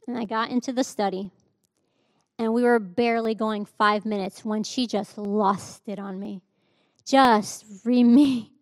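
A woman in her thirties delivers a sermon built around a personal story, speaking candidly and often laughing at herself. Her voice sits a bit high, and the recording is dry and close with no room sound. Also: no echo. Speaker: preacher. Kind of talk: sermon testimony.

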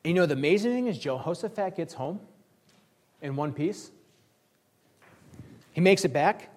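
Male preacher, high voice, sarcastic storyteller who acts out the scripture characters. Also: expressive, normal speed, a little mellow. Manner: wry, sarcastic, acts out the kings' lines. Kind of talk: sermon retelling scripture.

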